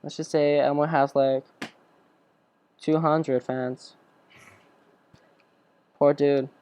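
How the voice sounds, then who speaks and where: Chatty young man, smooth dry voice. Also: a little high, flat delivery, extremely slow, a little mellow, dry recording. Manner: rambling, joking, chatty asides. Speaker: student tutor. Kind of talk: screen-recorded software tutorial.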